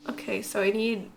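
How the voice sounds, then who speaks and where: A woman's voice: fairly high pitch, fairly bright tone. A young woman streaming live, chatting casually and rambling while she draws, answering chat and laughing often. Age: young adult.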